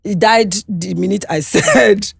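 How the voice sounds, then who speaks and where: A woman's voice: mid-range voice, creaky, slightly rough, no room sound. A Nigerian woman, a singer and interview guest, recounting her life candidly, with frequent restarts and check-ins with her listener. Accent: Nigerian English. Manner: halting, restarts often, checks in with "you understand?".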